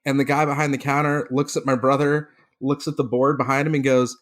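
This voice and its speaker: A man's voice: medium pitch, a little fast. A man on a comedy podcast telling a story casually and animatedly, acting out the voices of the people in it. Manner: animated, acts out voices in stories. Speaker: podcast co-host.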